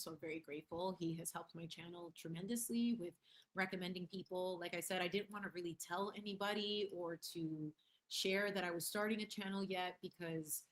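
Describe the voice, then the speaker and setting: Animated woman chatting on a livestream. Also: medium pitch. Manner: animated, slangy, mixes in Spanish phrases; laughs often and reads chat aloud. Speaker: livestream host. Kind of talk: casual livestream chat.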